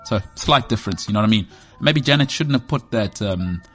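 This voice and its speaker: A man's voice: on the low side, lively intonation, brisk, fairly bright tone, breathy edge, faint music behind. A man in his thirties with a South African accent, hosting a sports show as a rambling, joking, self-mocking monologue. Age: 30s. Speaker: sports podcast host.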